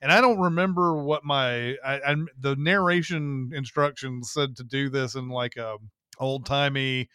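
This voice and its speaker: A man chats on a podcast in a loose, rambling way, swearing freely and restarting his sentences. His voice is bright and crisp. It is recorded close and dry. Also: medium pitch, steady tone, measured pace, dry recording. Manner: chatty, swears freely, restarts and laughs often. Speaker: narrator and podcast guest. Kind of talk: casual podcast chat.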